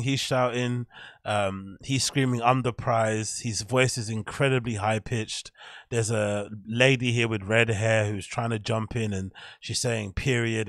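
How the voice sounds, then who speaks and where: Gravelly man rambling commentary. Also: fairly low pitch, a bit bright, dry recording, studio quality. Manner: rambling, blunt, talks while browsing. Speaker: podcast host. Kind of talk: casual commentary on a screen grid.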